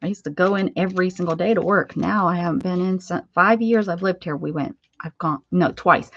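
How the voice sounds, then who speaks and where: A woman's voice: lowish voice, lo-fi sound. A woman hosting a crafting livestream, chatting and rambling casually with viewers as she works. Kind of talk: casual chat while crafting.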